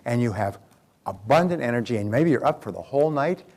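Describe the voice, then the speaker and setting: A man's voice: medium pitch, lively intonation, a little fast, a little mellow. A man giving a motivational talk, telling stories and speaking directly to his audience in a conversational way.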